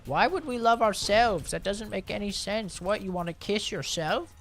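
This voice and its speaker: A man's voice: high-pitched, expressive, normal speed, vocal fry, fairly bright tone, slight background noise, exaggerated voice. A man voicing his middle-aged mother, blunt and outraged as she retells an argument. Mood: scornful.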